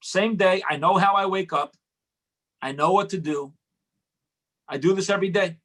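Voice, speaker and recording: Male Torah teacher, conversational and repetitive, a touch high-pitched. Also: normal speed, fairly bright tone. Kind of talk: storytelling Torah lesson.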